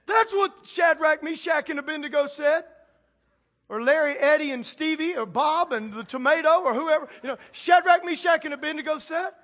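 A man preaching a sermon in an energetic, casual way, dropping slang asides as he goes. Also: very high voice, normal speed.

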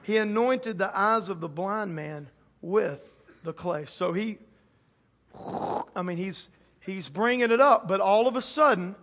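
With a high, ringing, bright voice, a male pastor delivers a lively sermon before a live congregation, joking with them and giving the characters in his story playful voices. His pace is measured, broken by long pauses.

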